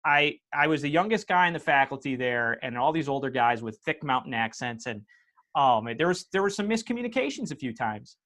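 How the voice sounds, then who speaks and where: A man's voice: medium pitch, expressive, fairly quick, a bit bright. A man with an upstate New York accent hosting a podcast and chatting from home over a video call on a lapel mic, telling stories and explaining history like the teacher he is. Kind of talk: casual chat.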